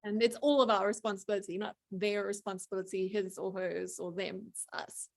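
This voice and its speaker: A woman's voice: mid-range voice, fairly even intonation, brisk, creaky. Firm woman podcast host. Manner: firm, summing up with conviction. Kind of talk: casual chat.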